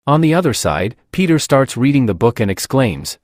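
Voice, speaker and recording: A man narrating a comic story recap in a brisk storytelling manner. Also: medium pitch, lively intonation, no echo, studio quality.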